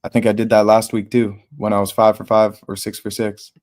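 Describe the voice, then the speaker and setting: A young man hosts a live fight watch party, talking bluntly and casually with slang and swearing. His lowish voice is level in tone, brisk, and a little mellow.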